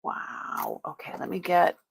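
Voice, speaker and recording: A woman's voice: fairly low pitch, huge pitch swings, unhurried, gravelly, breathy edge, no echo. A woman hosting a live-stream sale, chatting as she unboxes and tests items, exclaiming often and laughing as she goes.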